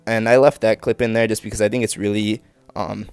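A man's voice: fairly low pitch, level tone, brisk, a little mellow, clear, resonant tone, no room sound, soft background music. A young man giving a casual voiceover for his own gameplay video, rambling with lots of fillers like "like" and "um". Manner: rambling, filler-heavy, with many likes and ums. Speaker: gaming video creator.

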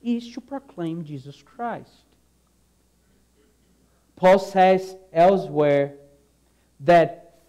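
A man delivering a sermon at a slow, deliberate pace. His tone is warm and mellow, and he is earnest and emphatic, often repeating a key phrase and trailing off softly at the ends of lines. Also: fairly high pitch. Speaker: preacher.

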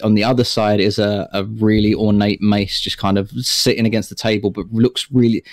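A young man who describes his tabletop character in a long, rambling way. His voice is fairly low, and the sound is dry and close. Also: little pitch movement, moderate pace, dry recording. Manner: rambling, many ums and likes. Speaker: player.

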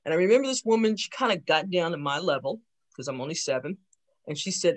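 A woman in her sixties from New York City, giving a lively talk about her life and acting out remembered conversations. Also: on the low side, quick pace. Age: 60s. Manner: lively storyteller who acts out remembered dialogue. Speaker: invited speaker, town council member. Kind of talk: personal storytelling talk.

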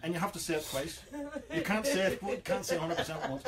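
Lively Northern Irish radio host. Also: male voice, on the high side, quick pace, a crowd in the background. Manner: jokey, acts out overheard phrases. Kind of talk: comic radio chat.

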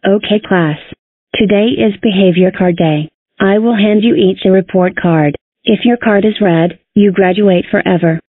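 Cast a female text-to-speech voice as a strict cartoon teacher, mid-pitched, dry, tinny. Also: normal speed, breathy edge, no room sound, natural voice. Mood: instructing. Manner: stern, scolding. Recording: tinny phone-like sound.

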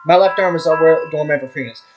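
A young man with a slightly high voice reads a visual novel out loud at a brisk clip, tripping over names and cursing at himself as he goes. Game music plays clearly behind him. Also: highs cut off. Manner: reads fast, stumbles on names, swears and laughs at himself. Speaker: gaming YouTuber. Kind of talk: reading a visual novel aloud with commentary. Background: background music.

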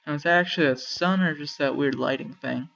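A man's voice: a little high, brisk, creaky, fairly bright tone, muffled recording. A man casually commenting while playing a video game, chatting wryly and talking to the animals on screen. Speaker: let's play gamer.

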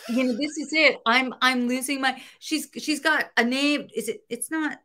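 Bright, animated woman comic writer. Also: high-pitched, moderate pace, a little hiss or hum. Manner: animated, laughing, searching for words. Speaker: comic book writer, guest. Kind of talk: casual interview chat.

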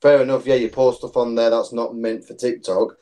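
A man's voice: mid-range voice, flat delivery, brisk, warm tone. A man chatting on a podcast, telling anecdotes in a matter-of-fact way. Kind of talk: casual chat.

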